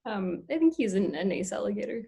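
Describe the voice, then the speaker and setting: A woman's voice: medium pitch, animated, brisk, gravelly, dark tone, husky. A woman podcast host trying a new skill, talking hesitantly in casual chat. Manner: hesitant, lots of fillers.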